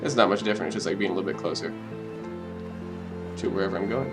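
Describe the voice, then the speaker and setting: A man's voice: fairly low pitch, fast, music in the background. Joking young man doing let's play commentary. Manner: joking, mock-dramatic, talks to himself. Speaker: gaming YouTuber.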